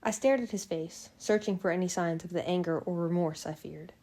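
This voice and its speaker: Low, mellow woman reading aloud. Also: brisk. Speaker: fan audiobook reader. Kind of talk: first-person novel narration.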